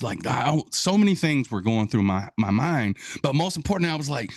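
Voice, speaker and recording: A man speaking to an audience in an animated storytelling style, often jumping up in pitch as he acts out his own amazement. He talks in a middle register, and the sound is dry and close with no room echo. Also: moderate pace, hardly any pauses. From Wisconsin, USA. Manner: addresses audience as folks and y'all. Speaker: guest speaker. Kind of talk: inspirational talk to an audience.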